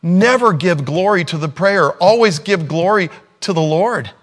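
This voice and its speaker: A man's voice: sits high, lively intonation, a little slow, fairly bright tone. A man preaching a sermon in a casual, sarcastic way, acting out quotes as he goes. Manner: conversational, sarcastic, acts out quotes. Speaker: pastor.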